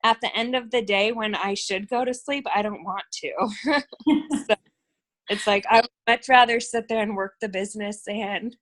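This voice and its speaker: A woman's voice: medium pitch, steady tone, moderate pace, fairly bright tone, poor audio. A woman guest and team leader chatting casually on a video call, with lots of fillers. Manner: chatty, filler-heavy, laughs easily.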